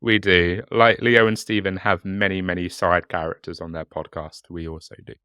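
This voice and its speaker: A man's voice: low-pitched, flat delivery, normal speed, pushed and bright, clear, resonant tone, dry recording, clean studio sound. A man with a southern English accent co-hosting a podcast in casual chat, joking and laughing often. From England. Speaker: podcast co-host.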